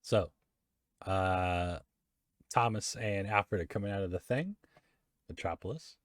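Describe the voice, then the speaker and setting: A young man talks through a comic book in a relaxed, chatty way, breaking into laughter and quick impressions of the characters. His voice sits a little low, and the sound is dry and close. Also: no room sound. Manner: laughs often, acts out characters' lines loosely. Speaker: comic reader and podcast host. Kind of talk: casual chat, reading comics aloud.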